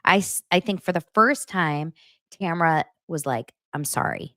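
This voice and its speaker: A female podcast host with a fairly low pitch talks at a normal speed, giving a casual reality-show recap and animatedly mimicking the cast's quotes in mocking voices. The studio sound is clean, with no echo.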